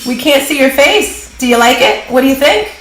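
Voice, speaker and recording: A woman hosting a live online business workshop, brisk and upbeat, giving quick directions over a video call. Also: sits high, expressive, echoey room, poor audio. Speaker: workshop host and business coach.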